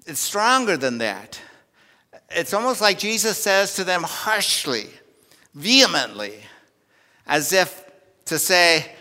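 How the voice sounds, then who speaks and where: Bright-voiced preacher in a reverberant church. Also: male voice, sits high, sing-song, slow, long pauses. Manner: earnest preaching, swells loud for emphasis then drops soft. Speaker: pastor. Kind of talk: sermon. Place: church sanctuary. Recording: long reverb of a church sanctuary.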